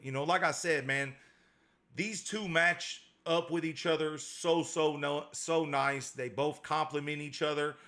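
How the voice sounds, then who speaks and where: A man's voice: fairly high pitch, pushed and bright. A man hosting a casual livestream as a dog breeder, reading out viewer comments in a slangy, repetitive way.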